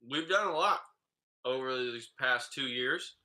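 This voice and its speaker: A man co-hosting a casual podcast, talking in a loose, relaxed way with many filler pauses. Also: mid-range voice. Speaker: podcast co-host.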